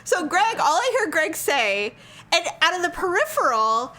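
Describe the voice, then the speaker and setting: Lively high-voiced woman telling a story. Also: normal speed. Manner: animated, acts out voices in her stories. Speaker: podcast co-host. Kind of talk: casual storytelling chat.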